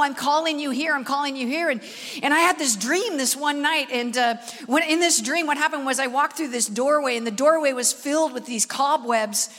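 Bright-voiced woman preaching in a reverberant hall. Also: high voice. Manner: animated, acts out dialogue, asks audience questions. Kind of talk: storytelling sermon. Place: large concert hall, live audience. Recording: long hall reverb from a live event.

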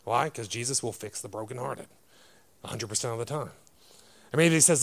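A man preaching a sermon in a church, animated and repetitive, often saying amen. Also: mid-range voice, a little fast, gravelly, pauses often.

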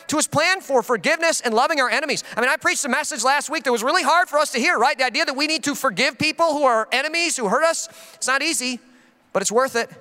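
A very high-voiced man preaching with passion, his tone bright and forceful. He is a pastor leaning hard into his points and acting out the voices he quotes. His sermon rings with the long reverb of a large hall.

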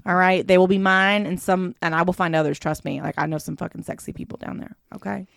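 Playful, loud-laughing woman podcast co-host. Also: on the low side, fairly even intonation, fast talker, vocal fry, no echo, studio quality. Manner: loud, playful, swears freely. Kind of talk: casual chat.

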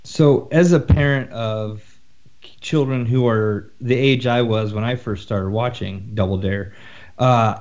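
A man's voice: lowish voice, mellow, muffled recording. Hesitant man asking a question. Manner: hesitant, many uh fillers. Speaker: interviewer. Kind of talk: casual interview question.

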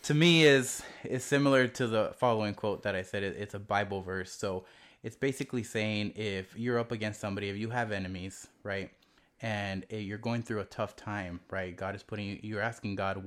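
A man co-hosting a casual podcast, recounting a story and getting animated as he tells it. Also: fairly low pitch, a little fast. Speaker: podcast co-host. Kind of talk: casual group banter.

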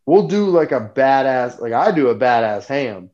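A man from North Carolina co-hosting a live podcast, loud and profane, talking over the others in casual banter. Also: mid-range voice, animated, normal speed, lo-fi sound. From North Carolina, USA. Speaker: podcast co-host.

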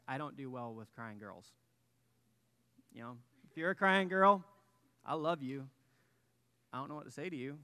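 A man's voice: mid-range voice, fairly bright tone, smooth, in a large hall. A man in his thirties, a pastor telling a personal story in a casual sermon, with lots of fillers and restarts. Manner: casual, self-deprecating, many fillers and restarts.

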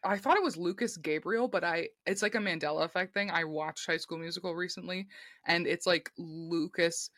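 A woman's voice: lowish voice, moderate pace, a bit bright, dry recording, studio quality. A woman co-hosting a podcast in casual chat, giggly and playful, sometimes breaking into sing-song. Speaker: podcast co-host.

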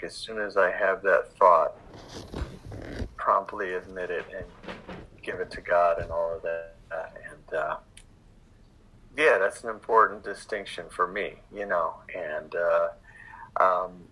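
Bright-toned man, hesitant and halting. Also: sits low, poor audio. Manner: hesitant, many fillers. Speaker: meeting member. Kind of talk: sharing at a recovery meeting.

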